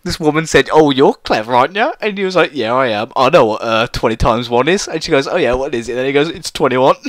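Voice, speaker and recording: A man's voice: mid-range voice, moderate pace, no echo. A young man co-hosting a casual podcast, telling stories animatedly and laughing often. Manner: giggly, animated storytelling. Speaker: podcast co-host. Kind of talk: casual chat while gaming. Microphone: desk mic.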